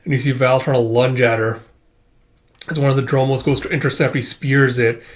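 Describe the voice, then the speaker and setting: A man's voice: medium pitch, fairly even intonation, a little fast. A man casually reading and recapping a comic aloud, rambling with fillers and forgetting names. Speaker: manga reader and recapper.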